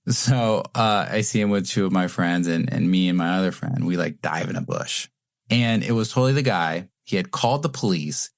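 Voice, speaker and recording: A man's voice: low voice, normal speed, gravelly, no room sound, clean studio sound. A man co-hosting a podcast, rambling through a casual story with lots of fillers and restarts. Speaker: podcast co-host.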